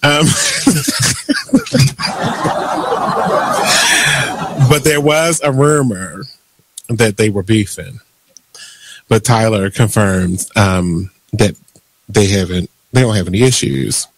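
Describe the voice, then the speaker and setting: A man's voice: fairly low pitch, very animated, drawn-out words, pauses often, fairly bright tone, slight background noise. A man hosting a radio talk show, ranting animatedly and laughing often. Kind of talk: casual radio chat.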